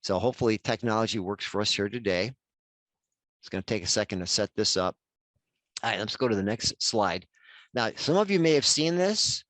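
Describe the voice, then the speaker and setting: A man's voice: fairly low pitch, animated, a little fast, fairly bright tone, no echo. An older man in his sixties presenting a workshop over a video call, chatty and addressing attendees by name. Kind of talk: webinar workshop talk.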